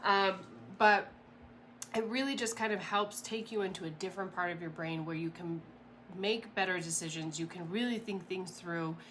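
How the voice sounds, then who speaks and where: A woman giving a casual motivational talk as a mindset coach, chatty and animated, rambling with fillers and quick laughs. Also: on the low side, slight background noise.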